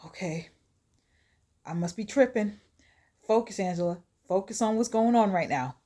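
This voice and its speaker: A woman's voice: medium pitch, normal speed, mellow, natural voice. A woman voicing a jumpy, frightened young woman. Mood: uneasy.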